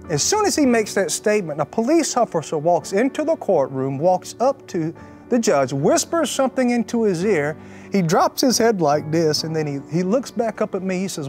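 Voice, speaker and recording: A man telling his personal faith testimony as a lively story, with joking, sarcastic asides and acted-out quotes. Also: sits high.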